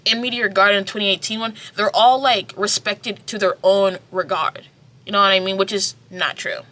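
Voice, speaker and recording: Young woman vlogger, bright voice, animated and loose, swears freely, re-enacts scenes while recapping. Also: medium pitch, moderate pace. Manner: animated, acts out scenes, swears, heavy filler "like". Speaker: vlogger reviewing a TV drama. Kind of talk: casual review chat.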